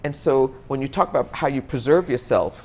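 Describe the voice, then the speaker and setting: An interview guest speaking thoughtfully, often pausing and restarting as they search for words. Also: medium pitch, darkish tone, slight background noise. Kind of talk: reflective interview talk.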